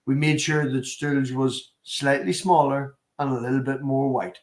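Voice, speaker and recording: A man's voice: medium pitch, fairly even intonation, a little slow, echoey room. A man with a Northern Irish accent, teasing and joking crudely in casual group banter. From Northern Ireland.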